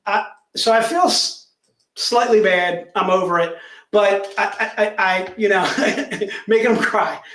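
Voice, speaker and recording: A man hosting a live stream, telling a story in a casual, animated way with restarts and laughter. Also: high voice, measured pace. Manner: animated storyteller, repeats words, laughs often. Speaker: host of a live comic publisher stream. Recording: roomy echo.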